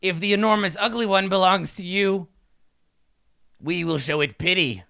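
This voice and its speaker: A man's voice: moderate pace, vocal fry, sharp tone, smooth, full character voice. A man voicing a pompous, boastful male kobold king who makes grand proclamations. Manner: booming, self-important proclamations.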